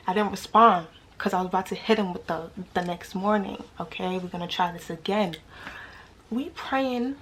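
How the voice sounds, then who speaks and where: A woman's voice: medium pitch, a bit bright, slight background noise. A young woman with a New York accent telling a dating story casually to her viewers, slangy and full of rhetorical questions.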